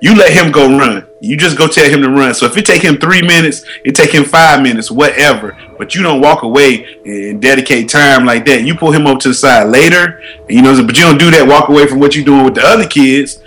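A man's voice: medium pitch, a little fast, fairly bright tone, soft background music. A man who coaches youth football, talking in a laid-back, slangy way with lots of "you know what I'm saying.". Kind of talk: casual chat.

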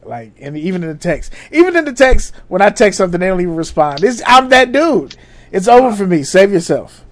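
High-voiced guy on a podcast, loose and laid-back, swears a lot, jokes about being old. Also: very animated, fairly quick, no echo. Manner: laid-back, profane, self-mocking about getting old. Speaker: podcast co-host. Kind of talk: casual chat.

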